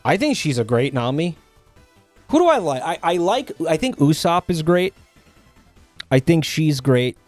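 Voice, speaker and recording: A man streaming live and chatting casually, rambling and halting, with many fillers and restarts and an offhand, sardonic tone. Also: fairly high pitch, big pitch swings, darkish tone, no room sound, soft background music.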